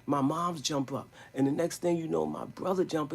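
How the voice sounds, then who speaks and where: A man telling a rambling story in a live stream, in emphatic street slang, with a gravelly, husky voice. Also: a little high, fairly even intonation, moderate pace.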